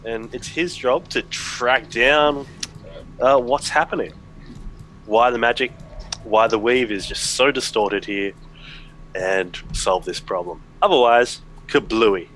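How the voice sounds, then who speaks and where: A man's voice: mid-range voice, takes it slowly, pauses often, fairly bright tone, slight background noise, rough recording. A man playing in a tabletop game, introducing his character in a casual, easygoing way. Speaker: player.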